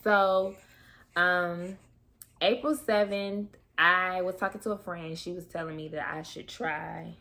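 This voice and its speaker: Young mom vlogger, woman, lowish register, chatty and expressive with casual slang. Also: slow. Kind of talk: casual storytelling to camera.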